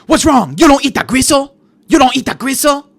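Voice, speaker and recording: A man voicing a pushy female restaurant server who shouts and repeats herself insistently. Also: high-pitched, fast, pitched above the performer's own voice. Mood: pushy, shouting.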